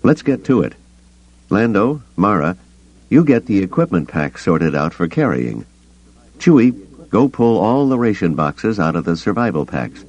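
Man doing a brisk, commanding space captain. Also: sits low, big pitch swings, darkish tone, pitched above the performer's own voice, exaggerated voice. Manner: brisk, giving orders. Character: brash male starship captain, decisive leader. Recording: dull lo-fi cassette tape.

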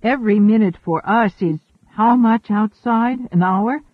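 A man's voice: high voice, measured pace, no echo, voice pushed up. A man reading the lines of a bold, eager woman space traveler in an audiobook. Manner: eager, pressing. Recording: thin phone-like dry audio.

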